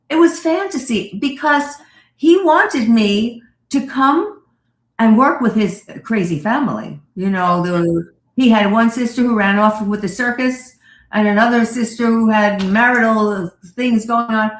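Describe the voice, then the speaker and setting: A woman therapist telling a lively personal story as a radio guest, acting out the voices of the people she quotes. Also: fairly high pitch, measured pace, roomy sound. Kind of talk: animated storytelling in an interview.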